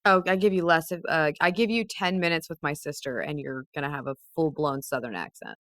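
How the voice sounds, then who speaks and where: A woman's voice: deep voice, a little fast, fairly bright tone, no room sound. A woman co-hosting a podcast in casual chat, candid, swearing freely and laughing often. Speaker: podcast co-host.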